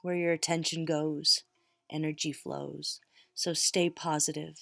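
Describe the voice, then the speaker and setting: A woman's voice: low voice, little pitch movement, unhurried, gravelly, no room sound, clean studio sound, soft background music. A middle-aged woman reading tarot cards, talking casually and encouragingly straight to her viewers. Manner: warm encouraging pep talk, direct address. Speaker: tarot reader.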